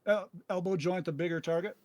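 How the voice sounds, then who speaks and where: A man's voice: high voice, steady tone, brisk, very noisy. Man asking tactical questions in a game. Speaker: player. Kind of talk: casual tabletop game play.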